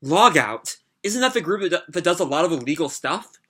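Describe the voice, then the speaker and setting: A man's voice: a little high, sing-song, moderate pace, a bit bright, slightly rough, full character voice. A man reading the lines of a bold, self-assured young woman adventurer from a manga, in a raised questioning voice. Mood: wary.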